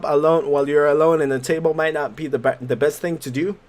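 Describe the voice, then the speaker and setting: A man hosting a gaming video, giving casual commentary that swears, laughs and reacts loudly. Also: fairly high pitch, steady tone, a little fast. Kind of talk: casual let's play commentary.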